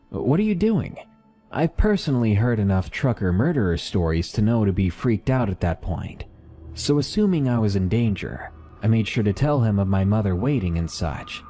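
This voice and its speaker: Deep-voiced male horror story narrator. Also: warm tone. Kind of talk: scripted narration of submitted horror stories.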